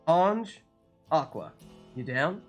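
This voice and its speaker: A man hosts a community game night over voice chat, his pitch moving in a lively way. His phrasing is a little formal and playful. Soft music plays faintly beneath him. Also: slow, dull audio. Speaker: stream host. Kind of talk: casual chat hosting a game stream.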